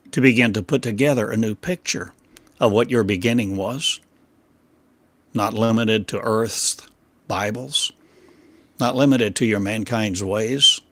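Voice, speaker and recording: Playing a spiritual teacher, a man declaims a channeled sermon full of rhetorical questions, his short, fractured phrases lurching between forceful loudness and soft, low drops. There's no room sound.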